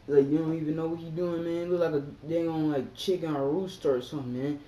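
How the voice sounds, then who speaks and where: A young man chatting casually about wrestling on his vlog, excitable and acting out his reactions with sudden high yelps. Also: quick pace. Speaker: vlogger. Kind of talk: casual wrestling chat to camera. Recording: echoey room with faint background hum.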